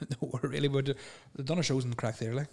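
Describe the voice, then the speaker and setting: A young Northern Irish man in relaxed chat, telling anecdotes with lots of filler and swearing. He stumbles and restarts now and then. His voice sits at a middling pitch. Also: vocal fry. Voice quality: stutters at times. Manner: storytelling, swears freely, quick laughs, mimics others. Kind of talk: casual chat.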